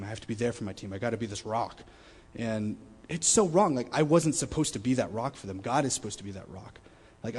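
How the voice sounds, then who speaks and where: Young man, personal testimony, candid and emotional, mid-pitched, long hall reverb. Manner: candid, emotional, drops to a quiet low voice. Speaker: student speaker. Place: large meeting room.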